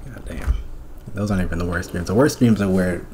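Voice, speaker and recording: Man, very low voice, swearing a lot, rambling casual story, faint typing behind. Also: fairly quick, darkish tone, a little hiss or hum. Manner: profane, rambling storytelling with many fillers. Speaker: streamer. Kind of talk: casual chat, recounting a dream.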